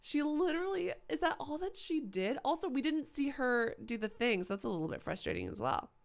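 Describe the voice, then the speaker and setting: A woman commenting live as she plays a horror game, chatty and swearing, yelling at the characters. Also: sits high, very animated, fairly quick, gravelly. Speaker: streamer playing a horror game.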